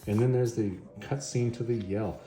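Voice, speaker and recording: A man hosting a casual comic book review video, retelling the story in a chatty, animated way. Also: medium pitch, moderate pace. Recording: roomy echo, faint music.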